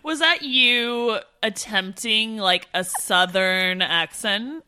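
A woman co-hosting a travel podcast in casual chat, animated and loose, swearing now and then. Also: medium pitch, slow pace, clean tone. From Canada. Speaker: podcast co-host.

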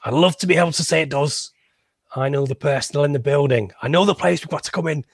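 A man putting on a high, strained voice to play a proud, defensive male football manager with a Scouse accent, speaking insistently and repeating himself. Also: quick pace, breathy edge, dry recording. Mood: defiant. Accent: Liverpool (Scouse). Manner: insistent, repetitive.

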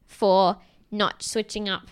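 A woman's voice: medium pitch, flat delivery, slow, smooth. A young woman casually recapping a reality show with a co-host, chatty and laughing often, with frequent swearing. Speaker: podcast co-host.

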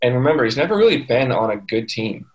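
A man's voice: medium pitch, very animated, fast talker, poor audio. A man co-hosting a casual sports podcast, talking eagerly through the details with fillers. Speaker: podcast co-host.

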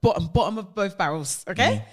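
Animated woman telling stories. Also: medium pitch, fairly quick. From England. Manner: animated storyteller who acts out voices. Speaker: guest comedian. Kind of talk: casual podcast chat.

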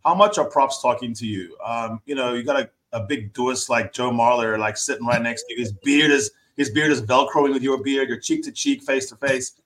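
A man's voice: mid-range voice, normal speed, hardly any pauses, fairly bright tone. A man hosting a casual podcast interview, asking long, rambling questions with fillers. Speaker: podcast host.

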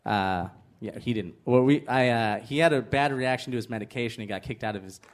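A man telling comic stories about his family on stage in a live interview, animated and laughing through the punchlines. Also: mid-range voice, fairly quick. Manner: animated storytelling with bursts of laughter and shouted punchlines. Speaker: comedian guest. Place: comedy festival stage with live audience.

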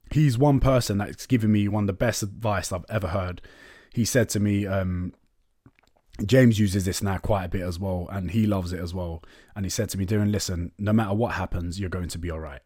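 A young man's lowish, a little mellow voice carries a casual storytelling monologue on his podcast, where he shares something personal in a frank, talkative way. He swears and says "innit, man." The audio is dry and of studio quality.

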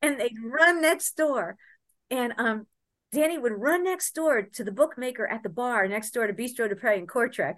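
A woman in her sixties telling animated stories in an interview, laughing often and swearing freely. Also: fairly high pitch, normal speed. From Connecticut, USA. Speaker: guest, former cycling soigneur. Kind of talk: anecdotal interview storytelling.

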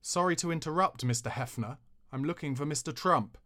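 An indignant Southern woman with a sharp tongue, voiced by a man reading aloud. Her retorts come out raised and clipped, with a thin layer of politeness over real exasperation. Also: fairly high pitch, brisk.

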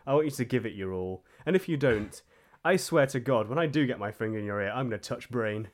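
A male podcast host in casual comedic chat, voice at an ordinary middle pitch. He teases his friends in mock outrage, tripping over his words and restarting sentences as he goes. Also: expressive, fast talker. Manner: teasing, mock-exasperated, stammers and restarts.

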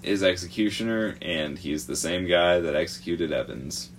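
A man's voice: low-pitched, normal speed, a little hiss or hum. A man co-hosting a podcast, presenting a true crime report in casual chat, hesitant and full of fillers, swearing freely.

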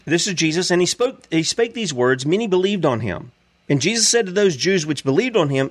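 A man preaches his commentary with emphatic force. His pitch sits a little high and swings widely, rising and dropping as he drives each point home. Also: big pitch swings, fairly quick. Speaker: show host and preacher.

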